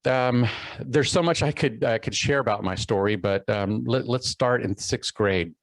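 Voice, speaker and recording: A man's voice: mid-range voice, a little slow, no room sound, poor audio. A middle-aged man from Texas giving a keynote talk, telling a personal story with many fillers and restarts. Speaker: keynote speaker.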